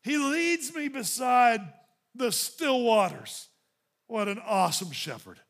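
A man preaching a sermon as pastor, building into emphatic runs and dropping into softer asides to the congregation. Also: very high-pitched, animated, slow pace.

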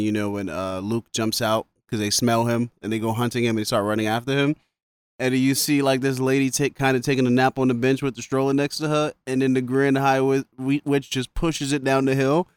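A man chatting casually about a film, excitable and slangy, often laughing in disbelief. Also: medium pitch, fairly quick, clear, resonant tone, dry recording. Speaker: podcast co-host discussing a film. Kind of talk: casual chat.

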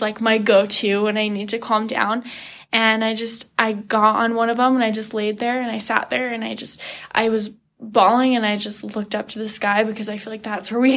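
A young woman telling a personal faith story as an interview guest, earnest and animated, acting out her own past thoughts. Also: fairly high pitch. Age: young adult. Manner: earnest, animated retelling with quoted inner thoughts and laughs.

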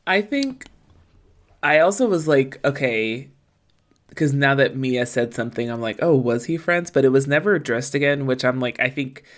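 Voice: mid-range voice, lively intonation, normal speed. A podcast co-host chatting casually and emphatically, adding asides like "okay?" to drive points home. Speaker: podcast co-host recapping a TV series. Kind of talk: casual chat.

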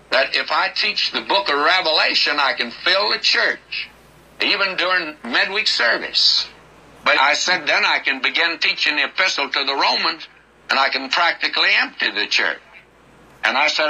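A man's voice: on the high side, bright, forceful tone, rough recording. A man teaching the Bible in an expository radio sermon, folksy, earnest and emphatic.

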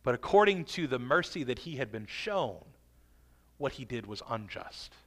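A man preaching a sermon with emphatic delivery, stretching and swelling key phrases and dropping to a hush. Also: mid-range voice, very animated, moderate pace. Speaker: pastor.

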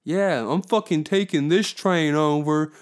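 A man's voice: fairly high pitch, unhurried, clear, resonant tone, voice pushed up, natural voice. A man doing a swaggering Old West train robber. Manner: swaggering, boastful threats.

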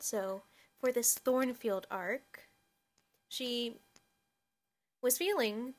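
A woman's voice: mid-range voice, a bit bright. A woman hosting a podcast, talking casually about a book, with many fillers and restarts and frequent laughter. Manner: laughs often while talking. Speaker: podcast host.

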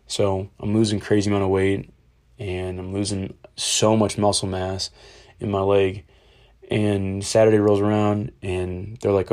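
A young man with a low, fairly monotone voice recounts a personal story in a loose, rambling way. He speaks candidly and swears freely as he goes. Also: normal speed. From Ohio, USA.

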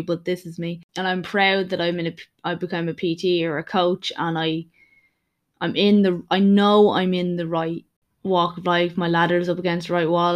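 A young woman coach hosts a solo podcast, speaking in a slightly low voice. She talks in a frank, candid way and rambles, often restarting her sentences mid-thought. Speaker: podcast host and personal trainer. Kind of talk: casual solo podcast monologue.

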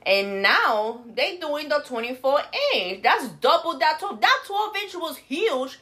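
A woman's voice: sits high, lively intonation, measured pace, sharp tone. A woman co-hosting a podcast in casual chat, crude and joking, slipping Spanish words into her English. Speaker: podcast co-host.

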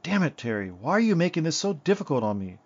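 A man's voice: on the high side, lively intonation, a little fast, highs cut off, pitched above the performer's own voice, natural voice. A man doing an earnest, pleading father.

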